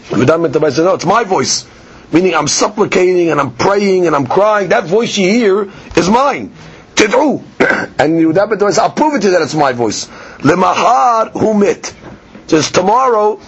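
Fast, husky man teaching Talmud. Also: on the high side. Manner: explains Aramaic text line by line in English, animated. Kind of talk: daily Talmud lesson. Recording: muffled lo-fi podcast recording.

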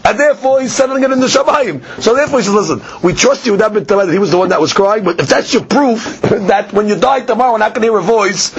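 A man teaching a daily Talmud lesson, reading Aramaic lines and explaining them in in an animated way. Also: high voice, quick pace, few pauses, husky. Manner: explains Aramaic text line by line in English, animated. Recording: muffled lo-fi podcast recording.

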